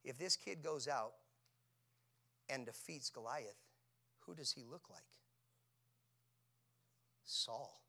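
A man preaching a sermon, asking his congregation questions and swinging from hushed near-whispers to loud shouting. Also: mid-range voice, slow, creaky, long pauses.

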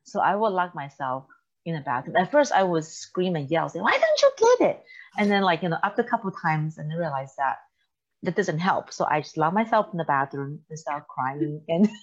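A woman's voice: low-pitched, a little fast, lo-fi sound. A middle-aged woman hosting a casual faith talk, telling stories with lots of laughter. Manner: animated storytelling, laughs often.

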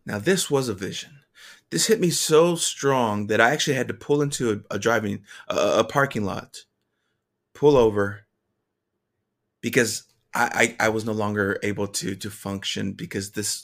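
A man reading his own journal entry aloud to viewers, earnest and emotional, with halting restarts. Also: lowish voice, fairly bright tone. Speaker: vlogger.

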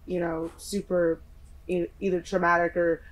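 A man hosting a casual podcast, earnest and halting as he circles back to his questions. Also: sits high, level tone, fairly bright tone, rough recording. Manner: earnest, hesitant, circling phrasing. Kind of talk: casual chat.

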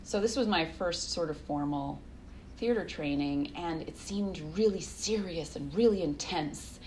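A woman in her thirties, a guest telling lively stories in casual conversation, laughing often and acting out quotes. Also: fairly low pitch, measured pace, a little hiss or hum. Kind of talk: casual interview storytelling.

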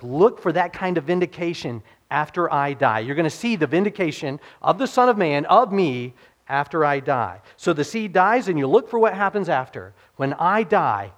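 A man's voice: a little high, big pitch swings, normal speed. A man pastor giving a conversational sermon, posing rhetorical questions to the congregation and dropping his voice to quote scripture.

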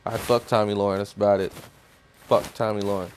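A man's voice: lowish voice, little pitch movement, brisk, a little mellow, a little hiss or hum. A man delivering a heated, profane opinion rant as a commentator, blunt and swearing constantly.

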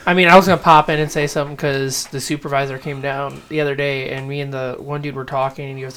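Animated storyteller on a podcast. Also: medium pitch, fast talker, few pauses, a little hiss or hum. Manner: animated storyteller, acts out quoted lines. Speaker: podcast co-host. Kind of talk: casual chat.

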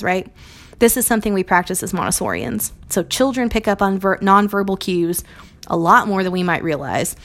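A young adult woman speaks as a Montessori teacher. Her voice sits at a middle pitch and her talk is earnest and reflective. Now and then she acts out a short quoted phrase.

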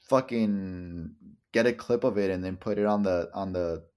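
A man's voice: sits low, normal speed, darkish tone, clean tone. Rambling, profane young man chatting. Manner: rambling, profane, many restarts and stammers. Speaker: podcast co-host. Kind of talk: casual chat.

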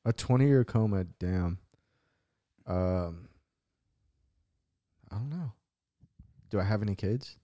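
A man's voice: fairly low pitch, slow pace, pauses often, mellow. A man co-hosting a casual podcast, speaking in a laid-back, blunt way and swearing.

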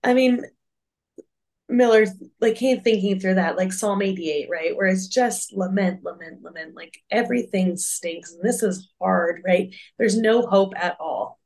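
Casting: mid-pitched woman, earnest and reflective, casual podcast chat, lots of "like". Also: a little slow, a little mellow. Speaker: podcast co-host.

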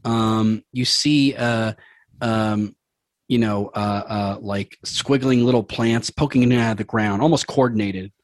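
A man's voice: lowish voice, steady tone, a little slow, no echo. A young adult man narrating a tabletop game as game master, vivid and prone to laughing.

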